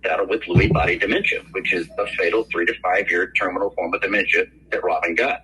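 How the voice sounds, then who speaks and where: A man's voice: low voice, fast, slight background noise, poor audio. An older man, an actor guest on a podcast, telling stories in casual chat and acting out the voices of people he quotes. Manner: animated storyteller, acts out quoted voices. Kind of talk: casual podcast interview storytelling.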